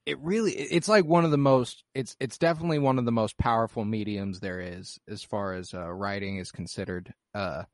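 Young guy podcast host, lowish voice, dry close sound, rambly and sweary, lots of ums. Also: a little fast, hardly any pauses, dry recording. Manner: relaxed, rambling, profane, filler-heavy. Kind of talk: casual movie-review chat.

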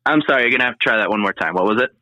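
A man's voice: fairly low pitch, very fast, bright, forceful tone, no echo, rough recording. A man with a Michigan accent, a podcast guest chatting easily and laughing often. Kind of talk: casual interview chat.

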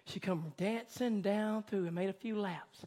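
High-pitched guy preaching, goes quiet then works way up loud and fiery. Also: unhurried. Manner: swings between hushed softness and loud, rising fervor. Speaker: pastor. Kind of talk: sermon.

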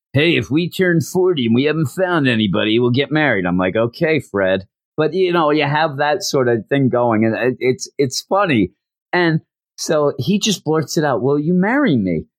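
Brief: casual male host, lively pitch, stammering storyteller, dry close mic. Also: no room sound. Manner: animated storytelling, frequent stammers and restarts. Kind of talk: casual anime recap.

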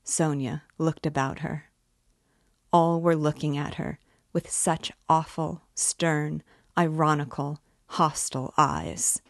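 A woman reads a novel aloud in a calm, deliberate way. Her voice is low and slow, and the sound is dry and close. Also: dry recording. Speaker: reader. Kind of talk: audiobook narration.

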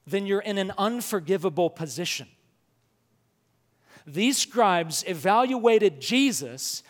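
High-voiced preacher in a reverberant hall. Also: male voice. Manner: builds to loud emphatic preaching, slows for scripture. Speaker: pastor. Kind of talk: sermon.

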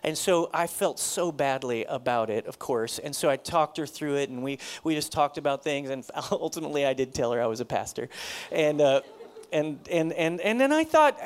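Middle-aged guy preaching, casual storytelling sermon, laughs at himself a lot, voice on the higher side. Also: expressive, normal speed. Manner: conversational, self-deprecating, laughs often. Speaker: pastor.

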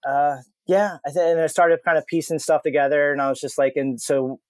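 A man's voice: fairly high pitch, steady tone, fast talker, darkish tone, no echo. A man telling a casual story as a podcast guest, rambling and profane, with many fillers and laughs.

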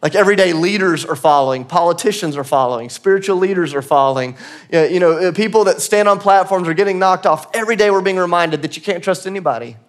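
A man's voice: sits high, quick pace. A man giving a church sermon in a conversational, earnest way, sometimes laughing at himself. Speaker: pastor. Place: church auditorium.

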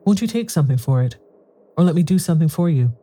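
A brisk, polite lady visitor, as a male storyteller voices her, cheerful and eager in manner. Her lines ride noticeably higher than the reader's own voice, with a dark, mellow tone underneath. The storybook feel stays intact. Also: expressive. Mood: delighted.

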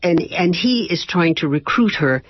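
Low husky woman reading slowly. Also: expressive, no echo, muffled recording. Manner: slow, measured reading. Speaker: author and guest. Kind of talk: reading her novel aloud, then chat. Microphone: radio studio microphone.

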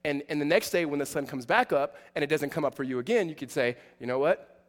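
A man in his forties delivers a sermon with a high voice. He talks in a casual, self-deprecating way, then presses his points with emphasis. A long hall reverb trails behind every phrase. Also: fast. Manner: conversational and self-deprecating, building to emphatic passages. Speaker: pastor.

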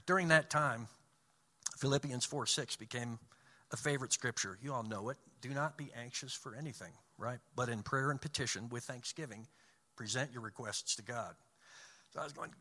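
A man's voice: mid-range voice, animated, moderate pace, bright, forceful tone. Earnest man telling a story in a hall. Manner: earnest, storytelling, acts out quoted voices. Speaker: speaker giving a faith talk. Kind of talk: personal storytelling talk. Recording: long hall reverb.

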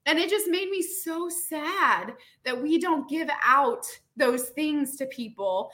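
A woman's voice: high-pitched, slow pace. A woman talking earnestly in a casual conversation, with lots of "like" and "you know". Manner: earnest, animated, many fillers.

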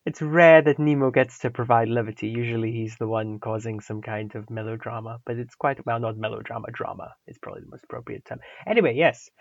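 A man voicing a fussy, prim gentleman who is polite, easily flustered, stammers and mutters to himself, in a tabletop game. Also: mid-range voice, a little fast, hardly any pauses, dry recording, close to an everyday voice. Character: fussy, prim adult male English gentleman. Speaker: player voicing his character. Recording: dull, lo-fi mic.

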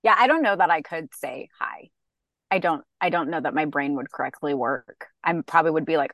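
A woman's voice: fairly low pitch, expressive, fairly quick, no echo. A woman co-hosting a podcast, chatting casually and enthusiastically, rambling with many fillers. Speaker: podcast co-host. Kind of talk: casual fan chat.

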